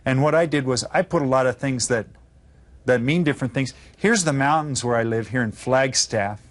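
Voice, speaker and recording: Slow, patient man teaching children. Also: mid-range voice. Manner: slow, clear modeling of phrases for repetition. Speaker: Spanish teacher. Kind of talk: classroom lesson for children.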